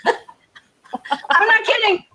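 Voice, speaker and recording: A woman sales coach speaking live over a video call, brisk and emphatic, with frequent laughter and humor. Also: extremely high pitch, animated, sharp tone. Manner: brisk, emphatic, laughs often, acts out dialogue. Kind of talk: energetic live talk with humor.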